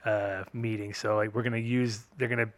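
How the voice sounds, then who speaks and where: A man's voice: fairly low pitch, flat delivery, fairly quick, no room sound. A man hosting a casual podcast chat over a remote call, joking, swearing freely and trailing off mid-sentence. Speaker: podcast host. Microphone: remote call setup.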